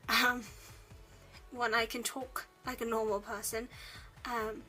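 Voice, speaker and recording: A woman's voice: fairly high pitch, little pitch movement, unhurried, pushed and bright, soft background music, poor audio. A young woman from the United States, a college student chatting casually to camera in a put-on British accent, rambling with lots of ums. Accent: put-on British English. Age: young adult.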